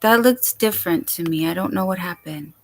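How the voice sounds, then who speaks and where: A woman's voice: on the low side, fairly quick. A woman hosting a casual late-night livestream from home, chatting and rambling as she greets viewers by name. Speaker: livestream host.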